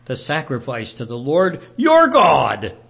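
Man reading as a boastful old-world king who justifies himself at length, in a voice that jumps higher and louder than his usual talk. He insists on his own case with a lively, rising delivery. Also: slow, vocal fry, full character voice. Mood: indignant. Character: ancient male king, proud and defensive.

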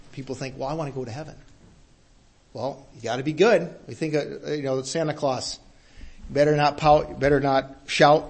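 A man's voice: on the high side, slightly rough. A man preaching a sermon in an earnest way, repeating his phrases and building to emphatic peaks.

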